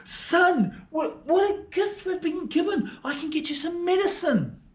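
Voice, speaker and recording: A man voicing a poor mother in a children's story, exclaiming in a high, tearful voice. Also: expressive, unhurried. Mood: tearful joy. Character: poor overjoyed mother seamstress. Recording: echoey room.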